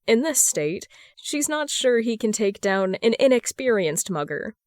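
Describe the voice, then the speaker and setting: A woman reading a fan fiction story aloud as a podfic narrator, in a steady storytelling manner. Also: on the high side, a little slow, dry recording, studio quality. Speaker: podfic reader.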